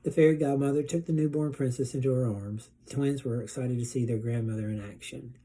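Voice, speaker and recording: A male teacher reading a children's storybook aloud in a steady, gently expressive way. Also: mid-range voice, fairly quick.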